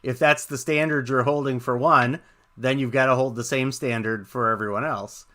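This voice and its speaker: A man's voice: medium pitch, steady tone, moderate pace, pushed and bright. A man co-hosting a talk show, earnest and supportive, restating points with plenty of fillers. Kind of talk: casual talk-show chat.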